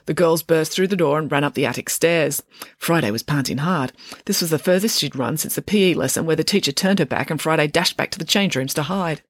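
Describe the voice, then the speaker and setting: Woman author reading aloud, lively storyteller, low voice, dry close recording. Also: a little fast, no echo. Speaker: author reading her book. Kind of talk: audiobook narration.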